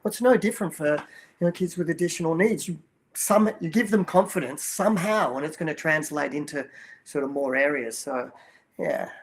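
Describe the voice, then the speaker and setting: A man's voice: fairly high pitch, a little fast, a little hiss or hum. A man in his sixties, a coach guest, telling stories in an earnest, casual way with frequent restarts. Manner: storytelling, earnest, many restarts and you-knows. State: choked up while telling a story. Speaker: guest, children's movement program coach. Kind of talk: casual interview talk.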